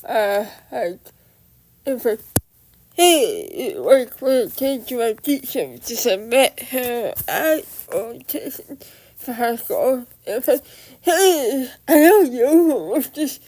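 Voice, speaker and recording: A woman's voice: a little high, lively intonation, takes it slowly, a little mellow, no echo. A woman on a podcast telling a rambling, self-deprecating story in casual chat.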